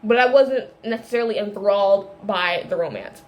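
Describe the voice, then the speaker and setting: A woman in a casual video, ranting about a film in a rambling, animated way, full of restarts and tangents. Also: medium pitch, normal speed, dull audio. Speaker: video creator.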